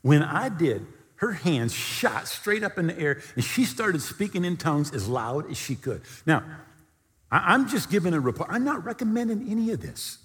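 Man, preacher, storytelling sermon, husky voice, lively pitch, long hall reverb. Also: normal speed. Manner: animated storytelling, bursts into near-shouting.

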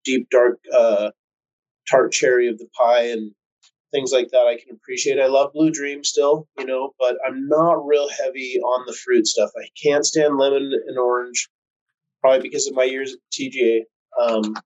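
A man's voice: mid-range voice, fairly even intonation, moderate pace, a little mellow, dull audio. A man who breeds cannabis, telling long stories in a laid-back, profane way, with lots of fillers, and acting out quoted voices. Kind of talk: casual storytelling chat.

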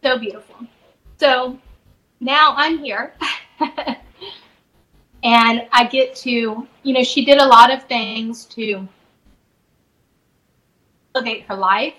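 A middle-aged woman, a spiritual advisor guest, softly and reflectively telling a personal story in a podcast interview, with many fillers and restarts. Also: high-pitched, slow pace, pauses often, poor audio.

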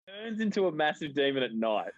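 A man co-hosting a podcast, riffing and joking crudely with quick bursts of laughter. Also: a little high, sing-song, dry recording, muffled recording. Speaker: podcast co-host. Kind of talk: casual comedic chat.

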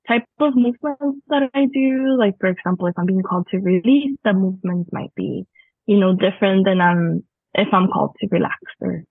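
Guest from Mexico, gravelly voice, casual and reflective, dry tinny phone-like line. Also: female voice, mid-range voice, dry recording. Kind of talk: podcast interview over remote call.

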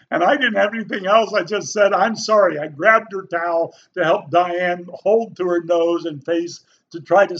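Earnest man telling a personal story. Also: a little high. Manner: folksy, earnest, animated when quoting people. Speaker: youth pastor. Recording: slightly dull, faint background noise.

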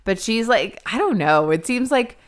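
A woman's voice: fairly high pitch, expressive, normal speed. A woman co-hosting a podcast, talking frankly and casually about a movie, swearing freely and saying "like" a lot. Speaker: podcast co-host. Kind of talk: casual movie review chat.

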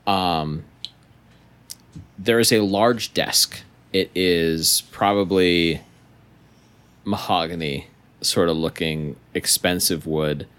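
A young man narrating a tabletop game as game master, slow and hesitant with many pauses. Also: low-pitched, fairly even intonation, fairly bright tone, clean tone.

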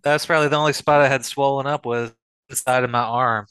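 A man's voice: medium pitch, steady tone, fast talker, fairly bright tone, clear, resonant tone, no echo. A man chatting as a podcast guest, joking, swearing and acting out the banter he tells. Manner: joking, swears often, acts out quoted banter. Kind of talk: casual chat.

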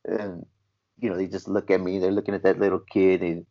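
Man, casual storytelling, animated quotes, dull lo-fi recording. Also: low-pitched, a little fast. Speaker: paramedic telling a story. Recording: dull lo-fi sound.

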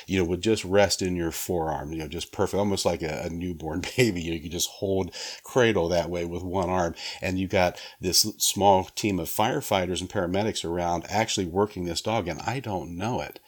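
A man with a very low voice recounts a story in casual conversation. His delivery is earnest and low-key, and he breaks into laughter often. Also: brisk, husky. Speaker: podcast co-host, police chaplain.

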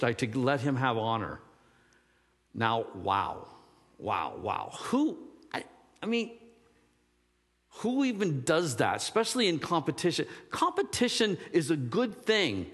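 A man's voice: on the high side, a bit bright. A man preaching a sermon, rambling and searching for words, then rising to emphatic fervor. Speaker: pastor. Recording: long hall reverb.

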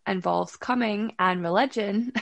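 Relaxed woman host, mid-pitch, casual. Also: a little slow, gravelly, a little hiss or hum. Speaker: interviewer. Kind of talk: casual chat.

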